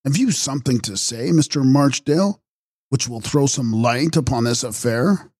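A man's voice: mid-range voice, wildly swooping pitch, takes it slowly, dark tone, husky, no echo, heavily acted. A man reading a horror audiobook, voicing an anxious young man who asks urgent questions. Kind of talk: audiobook character voice.

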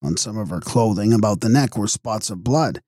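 A man narrating a gothic horror audiobook in a measured, dramatic way. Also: lowish voice, lively intonation, mellow, no echo, studio quality. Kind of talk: scripted narration.

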